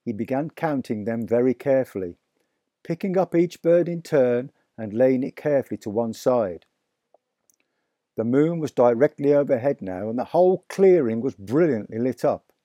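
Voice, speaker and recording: A man narrating a children's story aloud in a vivid, expressive reading. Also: medium pitch, no echo, studio quality. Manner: slow, deliberate, vivid storytelling. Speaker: audiobook narrator.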